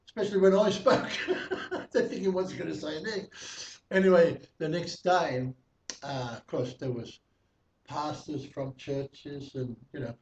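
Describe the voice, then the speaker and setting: A male preacher gives a chatty testimony, full of fillers and small laughs, in a slightly high voice. He sounds distant in a reverberant room, and the recording is muffled with faint noise underneath. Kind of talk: testimony sermon. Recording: echoey, distant, dull, slightly noisy.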